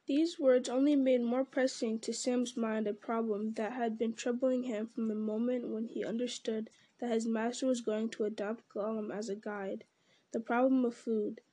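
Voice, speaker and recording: A woman reading a storybook aloud at a steady, unhurried pace. Her voice is slightly high, with a warm, mellow tone. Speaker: audiobook reader. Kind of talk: storybook narration.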